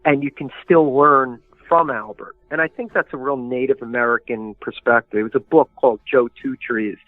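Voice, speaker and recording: Over a dry, tinny line that sounds like a phone, a male historian and author from the New York area speaks at normal speed in a steady, medium-pitched voice with no room sound. His casual interview is full of fillers and long, wandering anecdotes.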